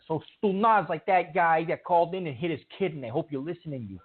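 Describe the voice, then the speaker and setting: A man's voice: a little high, fairly quick, few pauses, husky. A man hosting a call-in radio show, talking emphatically and repeating himself, scolding callers. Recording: tinny phone-like audio.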